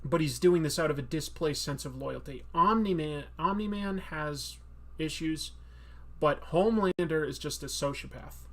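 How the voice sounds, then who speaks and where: A man's voice: on the high side, moderate pace. Man, casual, rambling, self-deprecating, stream host. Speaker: comic artist streamer.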